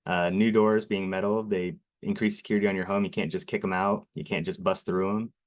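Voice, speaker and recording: A man with a strikingly low voice gives a sales presentation on local TV. He talks nervously and apologetically, and fillers crowd his sentences. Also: fairly even intonation, a little fast. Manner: nervous, self-deprecating, many fillers. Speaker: garage door company presenter.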